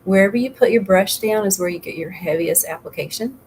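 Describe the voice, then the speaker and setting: A woman's voice: medium pitch, brisk, slight background noise, low-quality recording. A middle-aged woman giving a casual makeup tutorial as a makeup consultant, rambling and chatty with frequent laughs.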